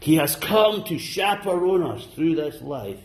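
A man preaching a sermon to a congregation, fervent and exclaiming, dropping at times to soft, low asides. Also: very animated, unhurried, roomy sound. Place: church service.

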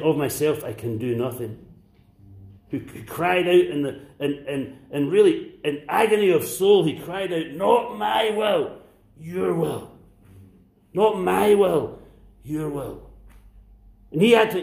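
A man preaching a sermon to a congregation, swinging between impassioned near-shouts and hushed whispers. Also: fairly high pitch, a little fast, reverberant. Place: church.

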